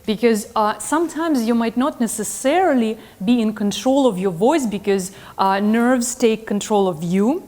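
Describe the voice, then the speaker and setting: A woman's voice: on the high side, moderate pace, few pauses, darkish tone. A woman teaching a class in a classroom, earnest and full of "um" and self-corrections. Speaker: instructor. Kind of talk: classroom lecture.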